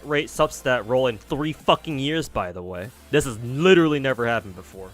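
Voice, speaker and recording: A man's voice: medium pitch, animated, moderate pace, few pauses, fairly bright tone. A man streaming a game, chatting casually and swearing freely as he mutters to himself. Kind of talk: casual gameplay commentary. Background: faint game music.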